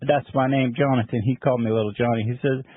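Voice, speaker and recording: A man putting on a rambling, sheepish old man of about sixty-five on a prank call, halting and full of fillers, his voice husky. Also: mid-range voice, fairly even intonation, dry recording, close to an everyday voice. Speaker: caller. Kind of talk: prank call to a psychic line. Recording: dry tinny phone line.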